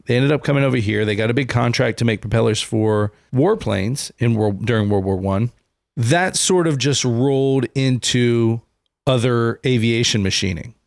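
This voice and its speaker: Gravelly, dry-voiced podcast host. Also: male voice, medium pitch, dry recording. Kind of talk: casual chat. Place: small studio. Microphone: studio mic with headphones.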